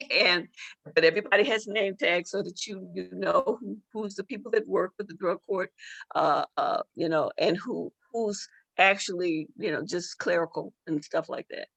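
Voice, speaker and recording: A woman's voice: fairly low pitch, normal speed, creaky, fairly bright tone, no room sound. A middle-aged woman, a judge and author, telling a personal story as an interview guest, emotional and full of repeated words and restarts. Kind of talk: storytelling in a talk-show interview.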